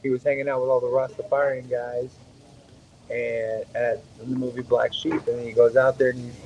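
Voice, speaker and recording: A man's voice: mid-range voice, little pitch movement, brisk, a little mellow, muffled recording, a little hiss or hum. A man hosting a casual podcast chat in a restaurant, talking loosely with lots of swearing and joking. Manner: loose, profane, joking banter. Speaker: podcast host. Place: waffle restaurant.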